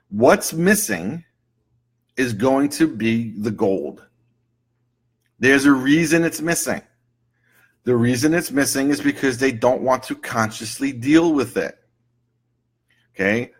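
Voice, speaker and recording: A man's voice: mid-range voice, breathy edge. A middle-aged man teaching a class in a conversational way, often checking in with "right?" and "okay?", and acting out short client quotes. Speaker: instructor teaching EFT and NLP. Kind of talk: casual recorded lecture.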